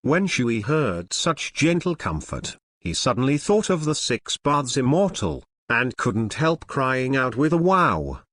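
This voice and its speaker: A man's voice: mid-range voice, very animated, a little slow, few pauses, fairly bright tone, no room sound, studio quality. A man narrating a translated fantasy novel as a storyteller.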